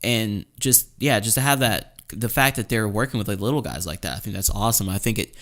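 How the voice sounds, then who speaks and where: Casting note: young male podcast host, slightly low voice, stop-start casual talk. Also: a little fast, fairly bright tone. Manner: hesitant, repeats words, lots of fillers. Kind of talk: casual chat.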